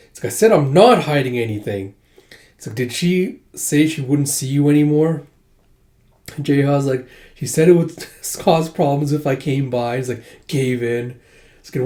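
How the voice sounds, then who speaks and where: A man's voice: on the high side, normal speed, mellow. A man casually recapping a manga volume, acting out the characters' lines in raised voices as he goes. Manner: chatty, acts out characters' lines in lifted voices. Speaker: manga reviewer.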